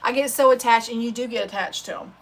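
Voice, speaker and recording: A woman's voice: fairly high pitch, quick pace, a bit bright. A woman hosting a sewing channel, chatting casually on a livestream and telling heartfelt, rambling stories.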